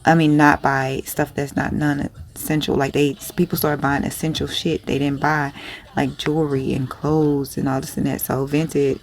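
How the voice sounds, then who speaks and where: A woman's voice: low voice, little pitch movement, moderate pace. A woman who sells clothes online, talking in a casual vlog in a rambling, blunt, profane way. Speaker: small online clothing seller.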